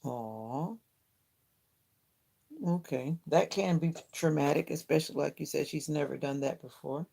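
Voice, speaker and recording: This host's voice sits low, dark, creaky and slightly rough, with fairly even intonation, a brisk pace and hardly any pauses. Late at night from her ring-lit home, she prays and then addresses viewers directly, often asking her questions twice.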